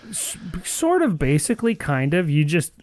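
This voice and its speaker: A man's voice: on the high side, wildly swooping pitch, moderate pace, darkish tone, no room sound. A man co-hosting a casual podcast, rambling in a sardonic, profane way with lots of "like" fillers. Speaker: podcast co-host. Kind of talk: casual card game chat.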